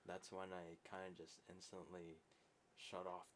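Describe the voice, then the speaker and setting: A young man co-hosting a casual podcast, blunt and deadpan, swearing casually. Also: deep voice, a little slow, a little hiss or hum. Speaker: podcast co-host. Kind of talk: casual chat.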